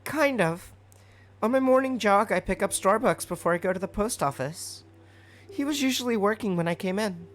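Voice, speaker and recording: A man's voice: high voice, expressive, moderate pace, voice pushed up. A man doing an eager freckled teen boy.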